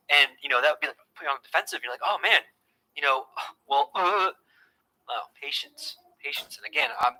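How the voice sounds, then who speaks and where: A man's voice: medium pitch, sharp tone, poor audio. A man teaching scripture to his online audience in an earnest, conversational way, often repeating words and restarting his sentences.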